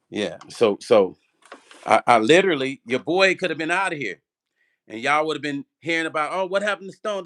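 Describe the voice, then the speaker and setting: A man's voice: medium pitch, sharp tone. A man hosting a live stream as a music producer. He chats loosely with viewers, repeats himself for emphasis and laughs at his own slips.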